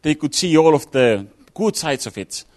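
A man's voice: on the high side, expressive, normal speed, a little mellow. A man giving an informal sermon, talking it through casually with fillers and restarts. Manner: conversational, thinking aloud with fillers and restarts. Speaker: preacher.

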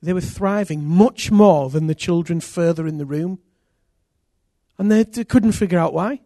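A man preaching a sermon as pastor, earnest and intimate, with sudden loud rises. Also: on the high side, normal speed, no room sound, studio quality.

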